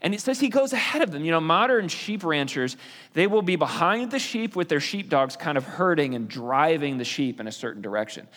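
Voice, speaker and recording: A man's voice: a little high, lively intonation, fairly quick, fairly bright tone. A man teaching a sermon in a conversational way, explaining with fillers and restarts. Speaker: pastor. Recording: long reverb of a hall.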